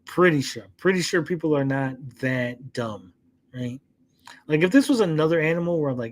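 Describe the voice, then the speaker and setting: At normal speed and medium pitch, a slightly mellow-voiced man hosts a laid-back gaming news podcast, with a bit of background noise audible. He meanders through lots of fillers and repeats himself, answering chat and swearing freely.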